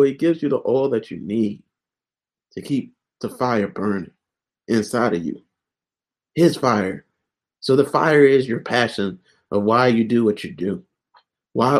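A man's voice: mid-range voice, a little mellow. A young adult man giving a casual video devotional. He rambles earnestly and keeps dropping "man" and "guys" as he speaks. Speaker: online Bible teacher.

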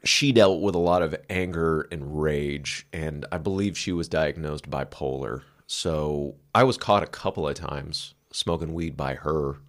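A man's voice: a bass voice, measured pace, few pauses. A man co-hosting a podcast, talking candidly and reflectively about his past, swearing casually. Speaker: podcast co-host. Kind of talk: candid conversational chat.

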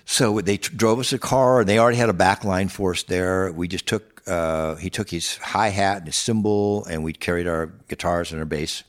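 A man's voice: sits low, fairly even intonation, moderate pace, few pauses. An older man, a guitarist, casually telling stories from his touring days, rambling with restarts and acting out what people said. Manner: rambling, with restarts and acted-out quotes. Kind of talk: casual storytelling.

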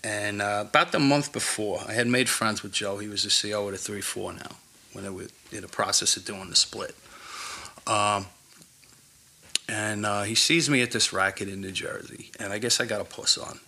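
A retired police officer, appearing as a guest, swaps blunt, profane stories in a casual chat. His voice is on the low side, fairly even in intonation, bright and forceful, at a normal pace.

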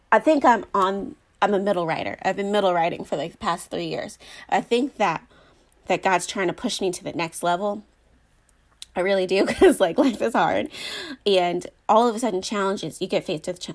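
A young adult woman shares her thoughts in a relaxed, heartfelt monologue. She talks earnestly and loosely, circling back on herself with plenty of fillers. Her voice sits at an ordinary middle pitch. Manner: earnest, rambling, many "like" and "um" fillers. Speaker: Christian speaker sharing faith reflections.

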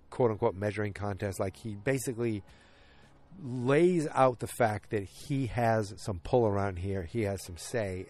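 A man's voice: on the low side, darkish tone. A man casually recapping a TV episode, rambling and often interrupting himself. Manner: rambling, self-interrupting storyteller.

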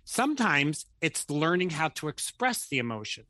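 Bright, lively man telling stories. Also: on the high side, moderate pace, no room sound. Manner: animated storyteller who acts out quoted voices. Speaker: guest counselor. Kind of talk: conversational storytelling.

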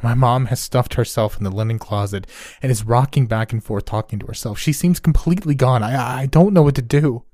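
A man's voice: lowish voice, unhurried, darkish tone, no echo, studio quality. A man voicing a terrified teenage boy who pleads with a trembling voice. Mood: pleading.

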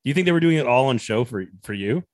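A man co-hosting a sports podcast, relaxed and reflective in casual chat. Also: medium pitch, rapid-fire, crowd noise. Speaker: podcast co-host.

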